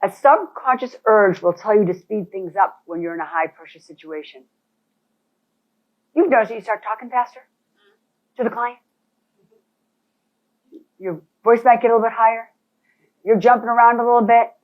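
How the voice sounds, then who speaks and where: A woman with a voice on the high side leads a real estate boot camp presentation at normal speed, pausing often. She is animated and emphatic, speaking directly to the people in the room, and the recording sounds thin, like a phone.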